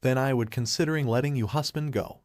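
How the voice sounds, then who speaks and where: A man's voice: medium pitch, quick pace, dry recording, clean studio sound, lightly acted. A man voicing a sleazy, corrupt male prison official in a story recap. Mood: sneering.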